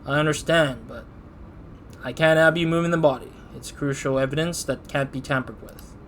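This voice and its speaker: A man's voice: fairly high pitch, moderate pace, fairly bright tone, slight background noise, natural voice. A man reading a detective's lines in a firm, matter-of-fact way. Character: adult male detective, curt and firm.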